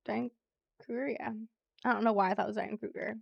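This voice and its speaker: A woman's voice: mid-range voice, fairly even intonation, fast talker, gravelly, no room sound, muffled recording. A woman streaming a trivia game, chatting casually with her viewers, reading clues aloud and laughing easily. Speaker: live streamer. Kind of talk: casual live-stream chat while playing a trivia game.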